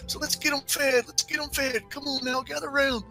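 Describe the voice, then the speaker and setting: Man playing an excitable old cowboy cook, high and twangy, fussing nonstop. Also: brisk, gravelly, faint music behind, heavily acted. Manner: frantic folksy drawl, Old West slang.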